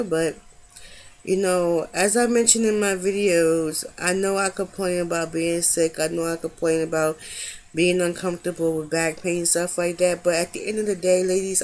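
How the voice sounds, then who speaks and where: A young woman talking casually to her camera, candid and rambling with frequent restarts. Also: fairly low pitch. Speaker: vlogger sharing pregnancy update.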